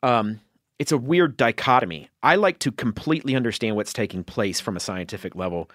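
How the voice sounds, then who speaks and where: A man's voice: medium pitch, expressive, a little fast, a bit bright, dry recording, clean studio sound. A man, a chef chatting as a podcast guest, rambling through long explanations full of fillers. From Southern United States. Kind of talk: casual conversation.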